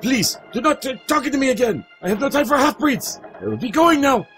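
A stuck-up noble pigeon boy who shrieks high and sharp with wounded pride, as a man puts him on. Each line leaps up in pitch and the voice strains with outrage. It is a game voice done by a lone let's-play narrator. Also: big pitch swings, fairly quick, faint music behind, full character voice. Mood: indignant. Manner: shrill, indignant, shouting. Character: haughty aristocratic young male pigeon.

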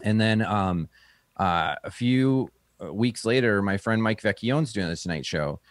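A man who is a comedian, telling a story in a relaxed interview and acting out the people he quotes in a higher voice. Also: measured pace, no room sound, clean studio sound. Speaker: stand-up comedian, guest.

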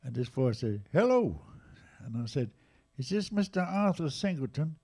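A man in his eighties with an English accent, casually telling jazz stories at a live museum event, lively and animated in his retelling. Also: on the high side, normal speed, slightly rough. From England. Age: 80s. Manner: lively, animated retelling with raised voices for quotes. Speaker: jazz drummer and storyteller guest. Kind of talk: casual anecdotal storytelling.

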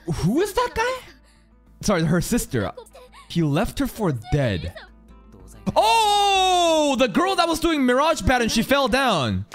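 A man reacts to an anime on a live stream, his voice leaping all over the place as he jokes, swears and laughs at what he sees. He talks straight at the characters in casual, unscripted commentary. Soft music plays faintly behind him. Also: high voice. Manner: excitable, swears often, laughs a lot, talks back at the screen.

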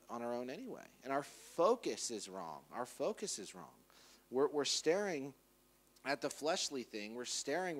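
A man preaching a conversational sermon in church, casually acting out quoted voices. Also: on the high side. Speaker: pastor.

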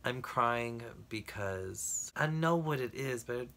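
A man's voice: medium pitch, animated, slow pace, bright, forceful tone, a little hiss or hum. A man talking candidly to camera in a personal vlog, blunt and emotional, swearing freely as he rambles. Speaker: vlogger.

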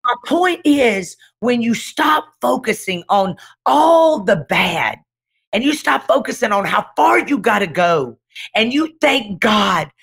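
A woman's voice: on the high side, big pitch swings, unhurried, gravelly, a bit bright, slightly rough. A middle-aged woman pastor giving a dramatic, emphatic testimony in conversation, driving her points home with repeated refrains. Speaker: pastor and guest speaker.

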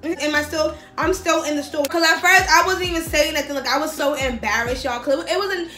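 A young woman, telling a story on her vlog in a slangy, profane, animated way. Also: sits high, brisk. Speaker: vlogger. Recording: echoey room with faint music.

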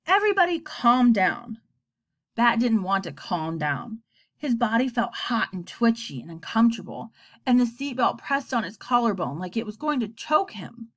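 A woman gives an expressive reading of a children's book. She speaks at normal speed with a somewhat high voice.

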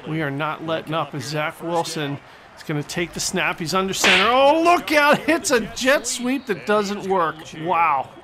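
Excitable high-voiced male game commentator. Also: moderate pace, heavy background noise. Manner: excitable and jokey, mock-announcer delivery. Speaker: gaming commentator. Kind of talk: play-by-play commentary over a football video game.

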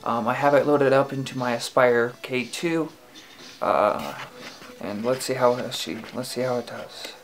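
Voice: mid-range voice, a little slow. A casual product reviewer at home, talking in a hesitant, rambling way with lots of fillers and restarts. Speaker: e-liquid reviewer.

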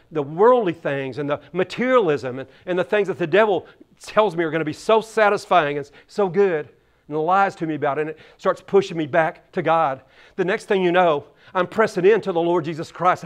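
A male pastor giving a conversational sermon, telling stories and often repeating words. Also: high voice.

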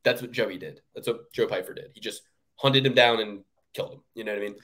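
A man co-hosting a sports betting podcast, ranting in casual, profane chat with sudden jumps up in pitch. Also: quick pace, fairly bright tone. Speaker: podcast co-host.

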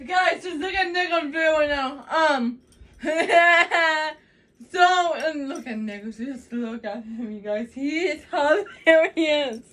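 A woman with a very high voice talks into a phone she has propped up nearby, so she sounds a little distant. She is giggly and excitable and keeps calling out to her viewers, and her words come out unhurried. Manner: giggly, excitable, keeps saying "you guys". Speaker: vlogger. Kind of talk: casual phone vlog. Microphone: phone set down nearby.

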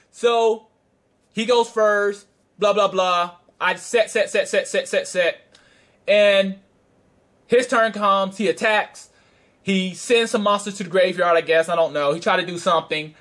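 A man's voice: high voice, a bit bright. A man casually telling a story in a vlog, brash and profane, with frequent laughter and trash-talk. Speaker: card game player recounting a tournament.

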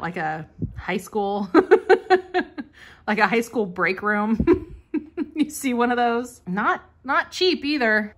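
A woman's voice: mid-range voice, fairly bright tone. A young woman chatting casually as she flips through an old catalog, reading bits aloud and laughing often. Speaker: vlogger flipping through a vintage catalog.

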